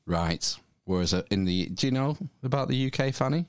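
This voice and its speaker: A man's voice: mid-range voice, lively intonation, a little fast, clear, resonant tone, no echo. A man with a Northern English accent chatting casually on a podcast, hesitant with plenty of ums and restarts. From Northern England. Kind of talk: casual chat.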